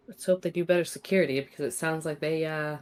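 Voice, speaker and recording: A woman's voice: sits low, a little mellow. A woman playing in a tabletop role-playing game, with a wry, skeptical way of talking. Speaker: player.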